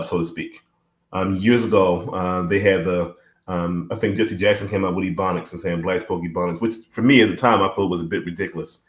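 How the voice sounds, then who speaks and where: A man's voice: deep voice, roomy sound. A man talking things over in a casual discussion, thoughtful and full of fillers. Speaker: podcast guest.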